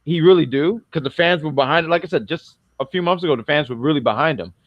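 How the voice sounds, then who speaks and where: A man from New York with a fairly high voice chats through a wrestling review in a loose, jokey way, often correcting himself mid-sentence. The sound is dry and a little dull, as if from a home mic. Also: fast talker, no echo. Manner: rambling, self-correcting, jokey. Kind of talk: casual podcast chat.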